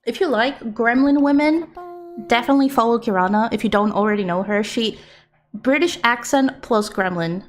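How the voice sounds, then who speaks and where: A young woman streaming live, chatting casually in an excitable, giggly, easily flustered way. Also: on the high side.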